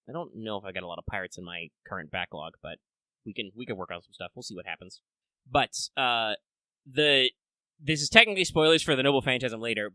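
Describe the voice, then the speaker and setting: A man hosting a casual podcast in a forceful, bright voice, recorded close and dry. He rambles along, padding his talk with filler words and restarts as he explains things to his listeners. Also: mid-range voice, no room sound. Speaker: podcast host.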